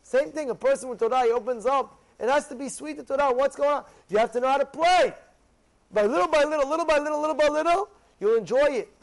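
Rabbi type, man, very high pitch, animated lecturer who acts out examples and hammers points by repetition. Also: fast. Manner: animated, acts out quoted people, repeats phrases for emphasis. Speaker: rabbi giving a Torah class. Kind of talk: lively Torah lecture.

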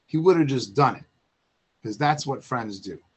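A man voicing a wise older father calmly instructing his son in a retold Torah story. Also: medium pitch, normal speed, breathy edge, pitched below the performer's own voice. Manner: calm, instructive.

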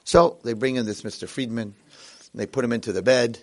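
A man delivers an inspirational speech to a live room. He narrates a story dramatically and with feeling. His voice sits at a middling pitch. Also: steady tone, brisk, darkish tone. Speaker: inspirational speaker.

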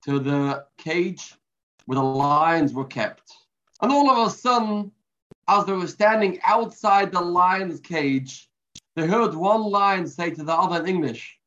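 A man's voice: on the high side, fairly bright tone. A man giving a weekly religious lesson, telling a parable and mixing in Hebrew terms. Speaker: Torah teacher. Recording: dull lo-fi recording.

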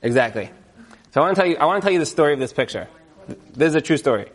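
A man speaking to an audience, telling a story in a chatty, animated way with lots of fillers and repeated words. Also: a little high, rapid-fire. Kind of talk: lively storytelling talk.

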